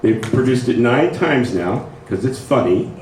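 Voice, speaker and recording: Speaking a little slowly in an expressive, medium-pitched voice with a darkish tone, a man presents a writing workshop as an informal lecture. He regularly checks in with the group, and the recording is echoey and faintly noisy, with the mic at a distance.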